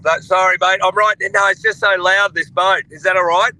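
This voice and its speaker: A middle-aged man with an Australian accent chats about sport in a blokey way, calling everyone mate. His voice is very bright and sits a little high. He calls in by phone from a boat. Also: fairly even intonation, fairly quick, low-quality recording. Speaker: guest. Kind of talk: casual sports chat. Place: on a boat, outdoors. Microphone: phone or video call.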